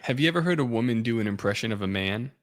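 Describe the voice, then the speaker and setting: A man's voice: mid-range voice, animated, very fast. A man co-hosting a podcast in casual chat, dropping wry, joking asides. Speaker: podcast co-host.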